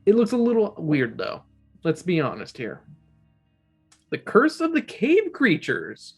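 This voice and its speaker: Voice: medium pitch, huge pitch swings, unhurried, vocal fry, pauses often, husky, faint music behind. A book club host giving a casual, opinionated video review, rambling and often restarting sentences.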